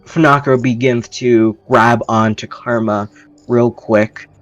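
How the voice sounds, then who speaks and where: A man's voice: mid-range voice, fairly even intonation, measured pace, no room sound, soft background music, poor audio. A man playing a tabletop game, describing his character's actions hesitantly with many fillers. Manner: hesitant, filler-heavy narration. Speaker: player.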